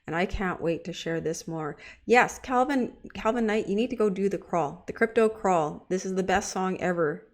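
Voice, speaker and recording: A woman's voice: mid-range voice, normal speed, hardly any pauses. A woman hosting a casual livestream, bubbly and gushing, talking straight to her chat viewers. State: getting teary-eyed. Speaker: livestream host.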